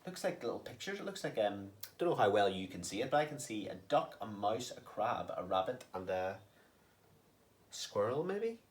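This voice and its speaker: A man's voice: lowish voice, sing-song, normal speed. A man teaching a recorded online lesson to young children, patient and sing-song, with questions that rise at the end. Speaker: primary school teacher.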